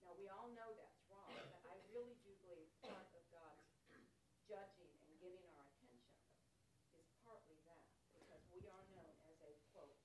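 A woman with a fairly low voice speaks up from the audience, picked up far from the mic in a roomy, echoing space. She is thoughtful and sometimes stops to search for her words, with clear noise in the background. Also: normal speed. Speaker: class participant. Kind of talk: comment from the audience.

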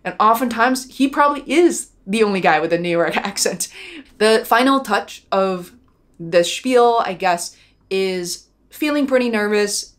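A woman, a documentary filmmaker, telling a personal story in a reflective vlog, earnest and heartfelt, often pausing on fillers. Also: medium pitch.

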